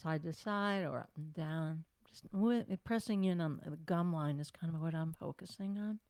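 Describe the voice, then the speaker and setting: An older woman leading a self-care class, giving gentle, unhurried instructions with sighs and breathing cues. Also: sits low, no room sound. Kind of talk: guided self-massage class.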